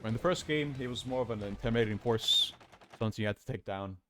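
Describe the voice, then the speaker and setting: A man's voice: mid-range voice, fast, heavy background noise. Casual man streaming a game. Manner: casual, reads game text aloud. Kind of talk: live gameplay commentary.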